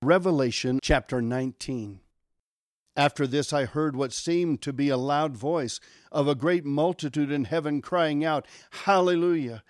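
A man's voice: on the high side, dry recording. Man reading scripture, dry close sound. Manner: measured, solemn reading with emphatic rises. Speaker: guest scripture reader, pastor.

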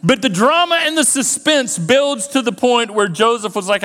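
A man preaching a sermon, telling a story with lively animation and acting out the characters' lines. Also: high-pitched, normal speed, few pauses, long reverb tail. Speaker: pastor. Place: church auditorium.

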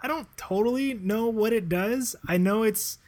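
Rambling, laid-back man with a slightly high voice. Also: moderate pace. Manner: relaxed, rambling, with many fillers and laughs. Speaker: podcast co-host. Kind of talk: casual chat.

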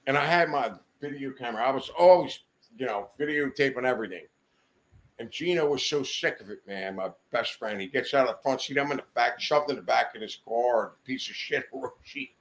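A man's voice: mid-range voice, a little fast, a bit bright. A man telling a long, rambling anecdote as a guest in a podcast studio, swearing freely and breaking into laughter as he goes. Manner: swears often, rambling, laughs mid-story. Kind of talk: profane anecdotal storytelling.

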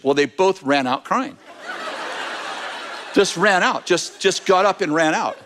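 Man, preacher, somewhat high voice, animated storytelling, restarts and self-corrections. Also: a little slow, pauses often, a little hiss or hum. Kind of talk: storytelling sermon.

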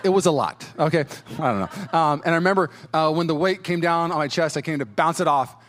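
Animated pastor, slightly high voice. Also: male voice, brisk. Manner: animated, acts out quotes in voices; chuckles as he talks. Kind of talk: storytelling sermon.

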